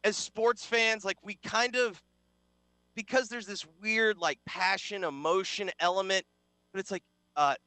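Wry sports talk co-host, bright tone, dry studio sound, rambles. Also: male voice, sits high, steady tone, measured pace, clean tone, dry recording.

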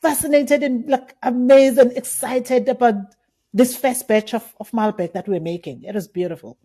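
A middle-aged South African winemaker in a casual interview, telling stories and acting out remembered conversations with laughter. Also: female voice, fairly high pitch, normal speed, slightly rough. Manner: animated, acts out remembered dialogue with laughs. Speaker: winemaker, guest.

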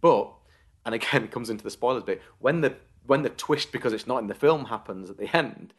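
A man's voice: medium pitch, a little fast, husky. A man co-hosting a podcast, talking through his opinions in casual chat, often restarting mid-thought. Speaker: podcast co-host.

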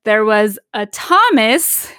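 A woman's voice: on the high side, very animated, takes it slowly, fairly bright tone, clean tone, dry recording, studio quality. A woman co-hosting a casual podcast chat, a mother of twin girls who slips Spanish phrases into her English. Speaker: podcast co-host.

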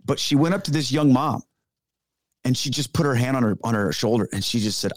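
A man's voice: medium pitch, fairly quick, no room sound, clean studio sound. A middle-aged man, a former pastor, speaking as a podcast guest and telling stories in an earnest, emphatic, casual way. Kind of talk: conversational storytelling.

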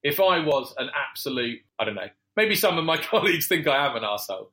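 A man answers interview questions in a reflective, conversational way. His voice sits a little higher than most men's, and he pauses on fillers and corrects himself mid-sentence as he thinks aloud. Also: sing-song, pushed and bright. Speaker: business founder, podcast guest.

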